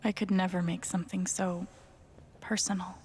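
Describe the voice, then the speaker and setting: A woman playing Alex Chen, a soft-spoken young woman. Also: fairly low pitch, level tone, moderate pace, a little hiss or hum, close to an everyday voice. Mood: thoughtful. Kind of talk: video game voice acting.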